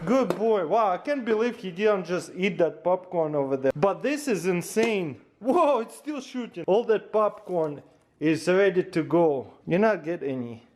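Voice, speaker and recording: A man casually reviewing kitchen gadgets at home, talking to his dogs and getting loud and excited as he demonstrates. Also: a little slow. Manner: excitable, gets very loud and high when thrilled. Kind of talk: casual product review vlog.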